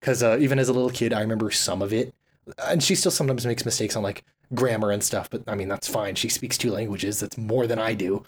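A man's voice: on the low side, fast talker, slightly rough. A man in his twenties from the United States, talking in a loose, rambling way with lots of fillers and easy laughter. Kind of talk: casual chat.

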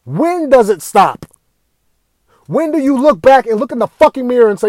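A man's voice: very high-pitched, very animated, moderate pace, a little mellow, no room sound. A man delivering an angry, profane rant to camera, swearing constantly and raising his voice at times. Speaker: video ranter.

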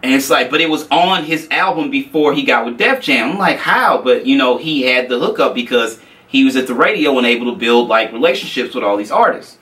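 Profane animated male storyteller. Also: mid-range voice, fairly quick, far from the mic, poor audio. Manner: animated, profane, acts out quotes. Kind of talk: casual storytelling.

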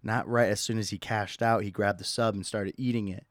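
A young adult man hosts a solo comedy podcast, ranting into a close mic with mock disgust and plenty of swearing. He's animated and profane, with a lowish voice at a slightly fast pace and no room sound.

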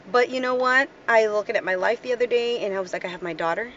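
A woman's voice: on the high side, a little fast, muffled recording, slight background noise. Blunt, foul-mouthed woman podcaster venting. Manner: blunt, swears freely, animated retelling. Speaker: podcast host. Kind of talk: casual venting monologue.

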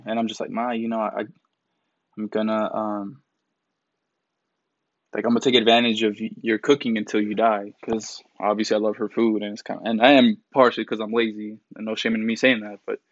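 In a casual commentary vlog, a twenty-something man rants bluntly and profanely, packing in fillers and mocking quotes of other people. His voice is on the low side. The mic sound is dry and slightly dull.

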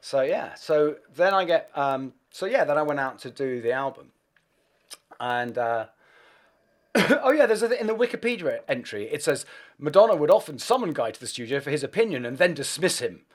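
Animated man swearing through a story. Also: on the high side, moderate pace. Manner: swearing, self-deprecating, animated. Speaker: guest musician. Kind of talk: anecdotal storytelling.

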